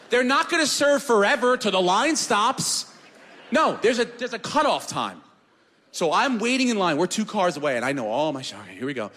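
A man doing a stand-up comedy set, animated, swinging from loud shouted bits to low mumbles. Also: in a large hall.

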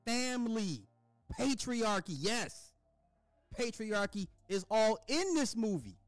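A man giving an animated, emphatic casual recap of a movie, repeating himself for effect. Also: high voice, measured pace, no room sound, soft background music. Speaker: movie reviewer.

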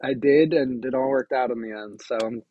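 A man co-hosting a podcast, telling a story in a casual, animated, self-deprecating way. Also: medium pitch, fairly quick, husky, dry recording, narrow, tinny audio. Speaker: podcast co-host.

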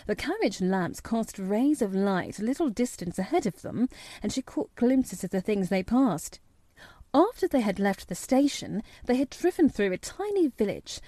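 A woman giving steady, measured scripted narration of a children's classic for an audiobook. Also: medium pitch, no echo.

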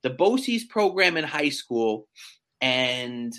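A man in his thirties chatting casually as a guest, animated and self-mocking, often stumbling over restarts. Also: medium pitch, slow. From central New York. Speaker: guest, real estate agent. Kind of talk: casual chat.

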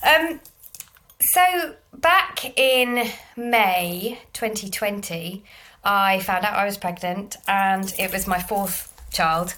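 A woman in her thirties, a podcast co-host, telling a personal story openly and emotionally, in rushed sentences full of restarts. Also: mid-range voice, bright, forceful tone. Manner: open and emotional, recounting in a rush with many restarts.

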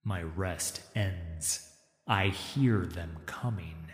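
A man voicing a weary, stoic warrior who speaks in a low, grave way. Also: very slow, roomy sound, long reverb tail. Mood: grim. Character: weary man, a lone spirit walker, stoic.

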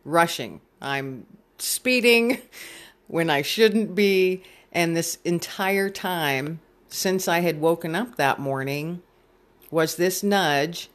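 A middle-aged speaker telling a personal faith story to an audience, earnestly acting out their own past thoughts in a gentle, heartfelt way. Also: medium pitch. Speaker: storyteller sharing a faith testimony.

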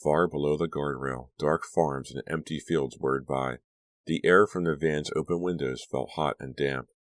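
A man narrating a young-adult horror audiobook in an even, measured reading. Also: a bass voice, dry recording.

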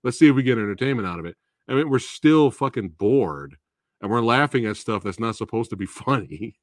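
A man's voice: mid-range voice, a little fast, dry recording, clean studio sound. A man hosting a live movie Q&A, ranting casually with frequent swearing and laughter. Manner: animated, profane, laughs often, restarts.

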